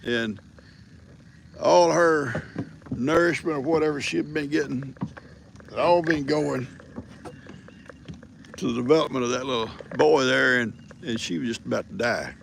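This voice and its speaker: A man's voice: medium pitch, measured pace, creaky, pauses often, a little hiss or hum. An older man, telling folksy stories and teasing his viewers in a casual livestream from a farm. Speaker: livestream host. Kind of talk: casual rambling storytelling.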